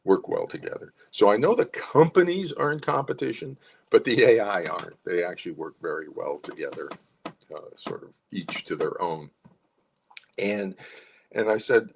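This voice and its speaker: A man's voice: fairly low pitch, animated, moderate pace, vocal fry, slight background noise. A man, a psychologist, talking in a rambling, conversational monologue with frequent restarts. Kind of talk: casual spoken monologue.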